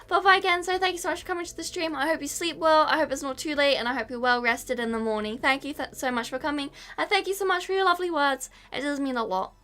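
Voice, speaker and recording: Woman streamer, high and bright, giggly, emotional, thanking chat. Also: fast talker, hardly any pauses. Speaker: VTuber streamer. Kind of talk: casual live-stream chat.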